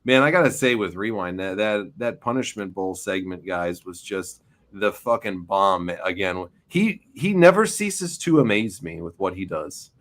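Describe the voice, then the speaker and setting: A man's voice: low voice, animated, normal speed, hardly any pauses, a bit bright. Chatty man hosting a podcast. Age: 40s. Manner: loose and chatty, stumbles over words. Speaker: podcast host. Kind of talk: casual chat, show sign-off.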